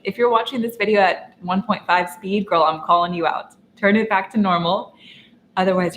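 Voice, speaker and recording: A woman's voice: on the low side, a little hiss or hum, poor audio. A young woman hosting a casual livestream Q&A, upbeat and encouraging, talking straight to her viewers. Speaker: lifestyle coach and host.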